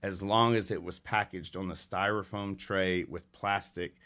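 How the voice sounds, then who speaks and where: A man's voice: low-pitched, steady tone, unhurried, a bit bright. A man speaking as a guest, explaining things in a matter-of-fact way and stressing his key points. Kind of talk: explanatory interview talk.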